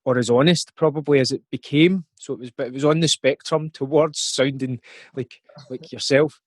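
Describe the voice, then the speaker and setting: A man's voice: medium pitch, steady tone, moderate pace, no echo. A Scottish man in his forties, a rapper guest on a podcast, talking reflectively and thinking aloud with plenty of fillers. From Scotland. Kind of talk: podcast interview.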